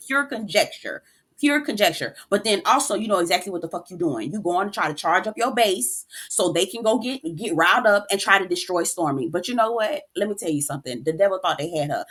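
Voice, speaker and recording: A woman hosting a reality TV recap, talking in a casual, animated and sassy way, cursing freely and calling the listener "girl". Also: fairly low pitch. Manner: profane. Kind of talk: casual opinionated recap rant.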